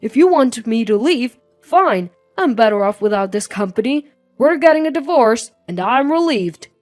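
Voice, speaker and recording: A woman voicing a scheming, arrogant middle-aged male executive who shouts and mocks. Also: a little high, normal speed, soft background music, natural voice. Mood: bitter. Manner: shouting and mocking.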